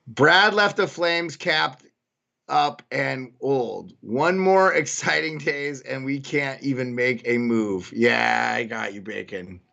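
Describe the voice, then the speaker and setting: Casual gravelly-voiced man hosting a live stream. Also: medium pitch, takes it slowly, pushed and bright, lo-fi sound. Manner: casual, greets chat viewers by name, thinking aloud. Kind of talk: live chat commentary.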